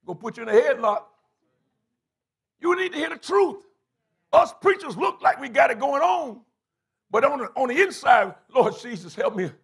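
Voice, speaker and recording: A man preaching a sermon as bishop of his church, building to shouted climaxes, calling out to the congregation and acting out quoted voices. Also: extremely high pitch, lively intonation, moderate pace, creaky, long pauses. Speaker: bishop and pastor. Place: church sanctuary.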